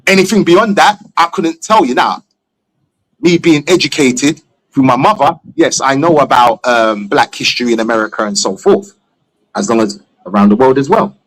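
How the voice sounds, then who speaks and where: A man's voice: mid-range voice, animated, moderate pace, a bit bright. A man from England, a stream guest talking bluntly and opinionatedly, swearing freely. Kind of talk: casual chat on a live stream.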